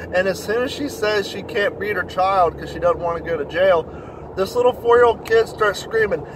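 A man telling a story in a blunt, profane rant, getting louder when indignant. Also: high voice, moderate pace, noisy background. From Kentucky, USA. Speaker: vlogger. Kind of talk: ranting storytelling monologue.

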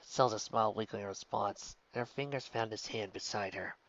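A man reading a fan fiction story aloud in steady, soft-spoken narration. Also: lowish voice, fairly quick, lo-fi sound. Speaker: story reader.

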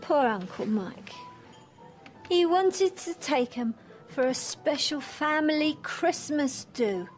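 A woman's voice: high-pitched, lively intonation, slow, faint music behind. Drunk, mocking woman. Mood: spiteful. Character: drunk bitter woman making a scene. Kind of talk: TV soap drama acting.

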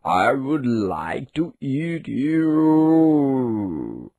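A woman drawling as a slow mooing cow. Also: a bass voice, big pitch swings, phone-quality sound, heavily acted. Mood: greedy. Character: slow lowing hungry cow.

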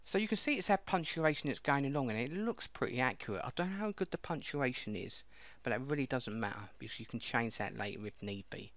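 A man casually walking viewers through a piece of software step by step, in a chatty explaining way. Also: medium pitch, animated, quick pace, hardly any pauses, dry recording. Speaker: software reviewer. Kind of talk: casual screen-recording walkthrough. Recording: dull lo-fi dry mic.

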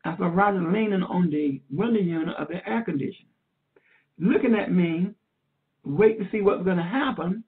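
A woman evangelist teaching a sermon in an earnest, repetitive way, warmly calling her listener "dear heart". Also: on the low side, normal speed. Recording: tinny phone line.

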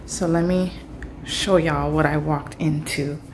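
A woman's voice: sits low, steady tone, slow pace, a little hiss or hum. A young woman vlogging casually to her phone camera, chatty and emotional, talking straight to her viewers. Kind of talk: casual vlog talk to camera.

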